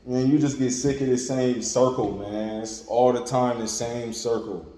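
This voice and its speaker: A man's voice: medium pitch, fairly even intonation, normal speed, mellow. A man preaching an informal sermon in a conversational, repetitive way, with lots of "like" and "you know what I'm saying". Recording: echoey room with long reverb and faint ambience.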